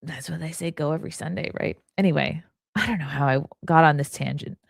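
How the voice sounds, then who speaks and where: Low, gravelly-voiced woman chatting on a livestream. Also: fast, dry recording, studio quality. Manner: rambling and chatty, heavy use of "like". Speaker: livestream host. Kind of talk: casual livestream chat, reading viewer comments.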